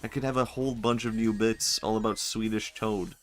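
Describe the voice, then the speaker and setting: A man's voice: lowish voice, fairly even intonation, a little fast. Laughing, joking male streamer. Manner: joking, laughs often, swears freely. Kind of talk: casual gameplay commentary.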